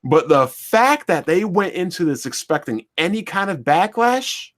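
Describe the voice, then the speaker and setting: A man on his commentary channel rants straight to his viewers in a fairly high voice. His pitch rises and falls widely, and he drives his points home with one repeated rhetorical question after another. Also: a little slow. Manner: animated, repetitive rhetorical questions. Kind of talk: opinion rant to camera.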